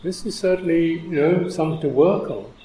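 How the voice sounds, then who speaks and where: A man who is a Buddhist monk teacher, giving a reflective dharma talk with frequent soft laughter. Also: on the high side, a little fast, echoey room, slight background noise, rough recording.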